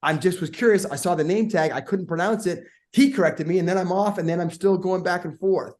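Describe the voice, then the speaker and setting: A middle-aged man, a guest speaker, telling energetic stories in a podcast conversation and acting out the voices in them. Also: high-pitched, a little fast. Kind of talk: animated storytelling in a podcast conversation.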